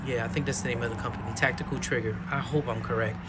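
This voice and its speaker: A man reviewing handguns in a rambling, enthusiastic way, dropping almost to a whisper while he slowly pulls each trigger. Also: medium pitch, fairly even intonation, noisy background. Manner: drops to a near whisper during slow trigger pulls. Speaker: gun reviewer. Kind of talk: casual product demo.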